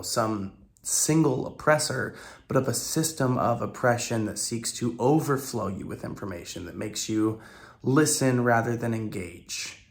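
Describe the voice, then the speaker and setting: A man with a tired early-morning voice, gravelly and full of fry, hosting a reaction video. He talks through his analysis thoughtfully and haltingly, stopping and restarting often. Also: fairly low pitch.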